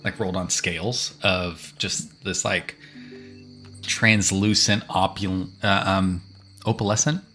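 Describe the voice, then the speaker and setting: A man's voice: low-pitched, steady tone, slow pace, pushed and bright, soft background music. Swearing, rambling male player. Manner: rambling, swears casually, many restarts. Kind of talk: casual tabletop play.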